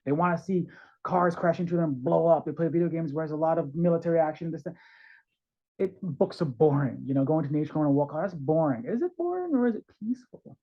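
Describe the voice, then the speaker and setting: Animated man with a husky voice. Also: a little high, fast. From New York. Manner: animated, acts out parents' and kids' voices. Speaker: guest, parenting coach. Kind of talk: conversational advice in an interview. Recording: dull, lo-fi sound.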